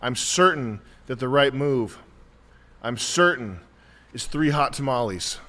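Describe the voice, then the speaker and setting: A man in his forties, congested, rambling through deadpan jokes while chatting casually on a livestream. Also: mid-range voice, unhurried. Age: 40s. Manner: rambling, deadpan jokey banter. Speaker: streamer.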